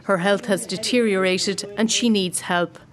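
A woman narrates a news report. Her delivery is steady and measured, with mid-range pitch. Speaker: social affairs correspondent.

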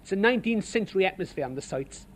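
An Irish labourer with a notably high voice for a man talks about the building sites in a steady, sardonic way. His delivery stays measured and dry throughout. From Ireland. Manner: measured, sardonic account of work conditions. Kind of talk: storytelling testimony.

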